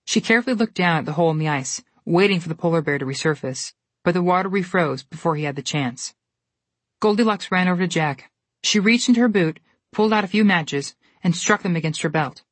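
A woman narrates a storybook with a steady, expressive delivery in a low, husky voice. The recording is dry and close. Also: fairly quick, no room sound.

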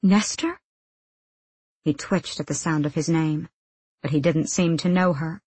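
A woman narrates a novel in a steady, measured way. Her voice is low with a husky texture. The recording is close and dry. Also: no echo. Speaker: audiobook narrator. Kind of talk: scripted narration.

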